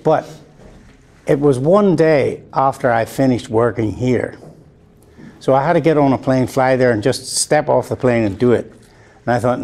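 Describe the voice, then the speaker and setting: A man's voice: mid-range voice, normal speed, darkish tone, slight background noise. An older man with an Irish accent, telling joking stories to an audience with chuckles as he goes. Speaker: flutist giving a talk. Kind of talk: anecdotal storytelling to an audience.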